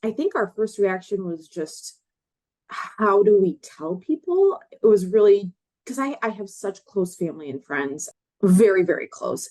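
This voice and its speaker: A woman's voice: lowish voice, darkish tone. A woman in her late twenties from Chicago, earnestly telling her own story as a guest and acting out the words of others. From Chicago, USA. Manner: earnest, acts out others' words in quoted voices. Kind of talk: personal storytelling in an interview.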